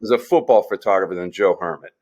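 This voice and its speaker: A man's voice: low-pitched, quick pace, a little mellow, lo-fi sound. A man co-hosting a sports podcast in casual chat, telling stories in a rambling way with frequent restarts. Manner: rambling storyteller with many restarts.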